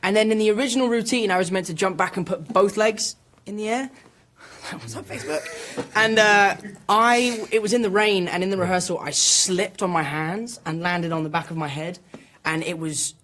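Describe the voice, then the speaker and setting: A young English man, an actor telling animated stories in a casual interview, laughing often and acting out quotes. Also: high-pitched, slight background noise. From England. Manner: animated storytelling, quick laughs, acts out quotes.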